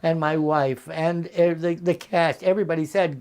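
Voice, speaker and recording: Interviewed by video call at home, an actor in his eighties shares stories at a leisurely pace, voicing the characters in each anecdote. He speaks with a fairly high pitch and a steady tone.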